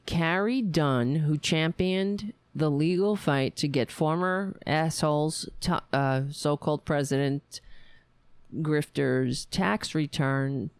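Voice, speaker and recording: A woman's voice: deep voice, no echo. A woman reading news articles aloud and breaking off into sarcastic, profane political commentary, often stumbling and correcting herself.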